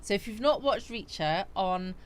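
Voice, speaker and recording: A woman's voice: medium pitch, lively intonation, moderate pace, slight background noise. A woman livestreaming a casual chat, rambling with lots of ums as she reads out viewer comments. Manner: chatty and rambling, with many ums.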